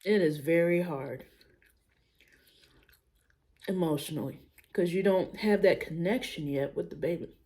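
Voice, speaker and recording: A young adult woman talking candidly in a casual personal vlog, musing out loud with relaxed everyday slang. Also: on the low side, unhurried, pauses often. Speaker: vlogger.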